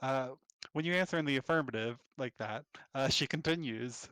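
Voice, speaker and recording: A man's voice: medium pitch, normal speed, fairly bright tone, smooth, dry recording. A man narrating a solo tabletop game as game master, describing scenes in a chatty way and often laughing.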